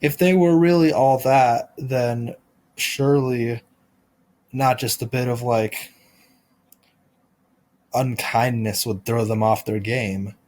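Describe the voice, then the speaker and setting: A man hosting a podcast, delivering a rambling deadpan comic monologue full of restarts and absurd tangents. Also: mid-range voice, takes it slowly, pauses often. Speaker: podcast host.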